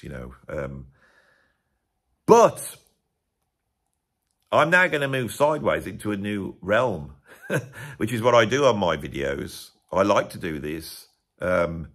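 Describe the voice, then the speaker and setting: Husky, sarcastic English bloke. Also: male voice, very deep voice, fairly bright tone. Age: middle-aged. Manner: sarcastic, rambling, mocking. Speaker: music YouTuber. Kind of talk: casual commentary vlog.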